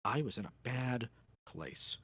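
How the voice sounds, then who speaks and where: A man's voice: mid-range voice, lively intonation, unhurried, fairly bright tone, breathy edge. A man in a voice-call role-play, sternly lecturing and calling someone out.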